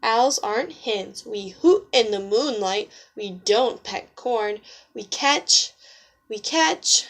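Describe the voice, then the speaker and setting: Woman voicing a proud male owl, firm, emphatic, slow, storybook read-aloud. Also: fairly high pitch, expressive, creaky, fairly bright tone, heavily acted. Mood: indignant. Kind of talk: picture book read-aloud.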